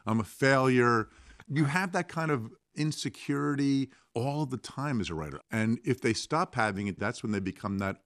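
A man's voice: medium pitch, moderate pace, hardly any pauses, no echo, studio quality. A man being interviewed as a novelist, joking and self-mocking about the craft. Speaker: novelist guest. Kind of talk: casual interview.

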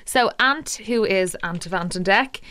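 Smooth-voiced chatty woman guest. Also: mid-range voice, measured pace, sharp tone. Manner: chatty, teasing. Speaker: regular radio guest. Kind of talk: casual radio banter. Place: radio studio.

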